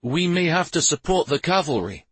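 A man's voice: a little high, sing-song, moderate pace, fairly bright tone, breathy edge, no echo, pitched above the performer's own voice, full character voice. A man voicing a commanding noble warrior lord who gives firm, clipped orders. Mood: urgent.

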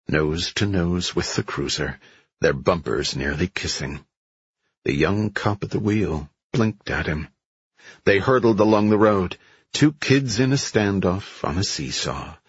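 A man reading a thriller audiobook in a measured, steady way. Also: deep voice, breathy edge, no room sound, muffled recording. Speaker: audiobook narrator. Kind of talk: scripted narration.

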